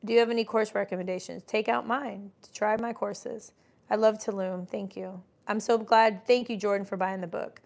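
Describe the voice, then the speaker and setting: Her mid-range voice is steady, creaky, and a little mellow, delivered at a moderate pace. The forties-aged host and business coach gives emphatic motivational talk on a casual live stream, reads the chat aloud, and mocks doubters with impressions.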